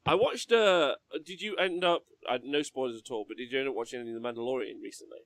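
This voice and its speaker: A man's voice: medium pitch, fast, no room sound. A man co-hosting a casual hobby podcast, joking around and laughing a lot. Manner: laughs a lot, animated, jokey. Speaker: podcast co-host. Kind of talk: casual chat.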